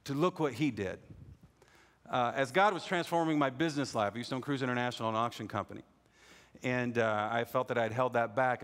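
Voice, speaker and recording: A middle-aged man preaching a sermon in a voice of ordinary pitch. He speaks earnestly and hammers home his refrains by repeating them. His voice rings with the long reverb of a large church auditorium. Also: a bit bright.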